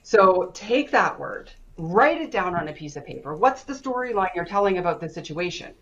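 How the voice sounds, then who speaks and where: A woman coach speaking in an online session, telling stories with lively quoted dialogue. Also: on the low side, moderate pace, dull audio. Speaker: stress coach and guest speaker. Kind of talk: animated storytelling in an online session.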